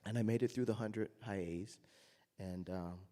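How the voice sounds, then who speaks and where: A man's voice: lowish voice, normal speed, in a large hall. A man, a jazz trumpeter, telling anecdotes to an audience and acting out the voices he quotes. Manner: storytelling, acts out quoted voices loudly.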